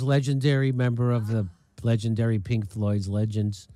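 A man's voice: medium pitch, flat delivery, moderate pace, warm tone. A male podcast host delivering commentary in a rambling, emphatic way, often stopping mid-phrase. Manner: rambling, emphatic, self-interrupting.

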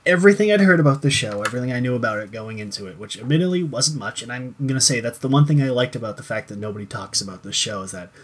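A man's voice: medium pitch, expressive, rapid-fire, few pauses, background noise. A young man co-hosting a casual chat show, rambling with restarts and plenty of swearing as he reviews a show. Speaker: podcast co-host.

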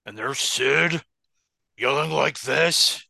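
A man's voice: mid-range voice, slow, creaky, pushed and bright, no echo, clean studio sound. A man co-hosting a casual podcast watchalong, argumentative and joking as he talks over a match. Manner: argumentative, joking, breaks into laughter. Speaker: podcast co-host.

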